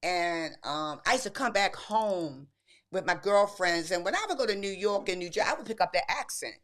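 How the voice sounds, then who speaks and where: A woman in her sixties, a podcast guest, telling lively stories in casual chat and acting out her younger self. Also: lowish voice, moderate pace. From Baltimore. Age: 60s. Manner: animated storyteller, acts out her younger self.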